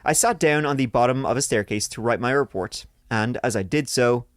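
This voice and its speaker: A podcast host reads listener stories aloud in a mid-range voice, fairly quick, breaking in with crude joking asides between passages. It's casual banter with clean studio quality and no room sound.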